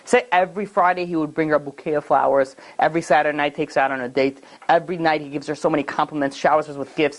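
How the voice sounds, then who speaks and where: A man, a rabbi, giving a conversational Torah class and telling a story in a lively, informal way. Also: fairly high pitch, fast, rough recording. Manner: conversational, animated storyteller with fillers.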